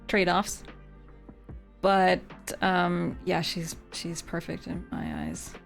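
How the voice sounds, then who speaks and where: A Canadian woman who streams games chats casually with her live viewers, chatty and giggly, saying "like" a lot. Her voice is fairly low, creaky and very animated, though she speaks slowly. Soft music plays in the background.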